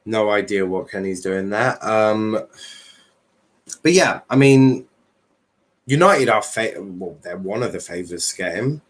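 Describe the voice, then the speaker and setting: A man hosts a relaxed football chat livestream in a fairly low voice. He rambles, piling up ums and restarting his sentences as he goes. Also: measured pace, long pauses. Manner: rambling, many fillers and restarts. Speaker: livestream host. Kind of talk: casual football chat stream.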